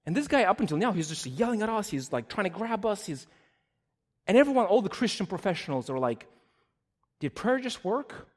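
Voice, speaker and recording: Animated man preaching a storytelling sermon. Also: high voice, quick pace. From Russian Slavic community in the US. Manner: animated storytelling, swings from loud to hushed. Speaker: pastor.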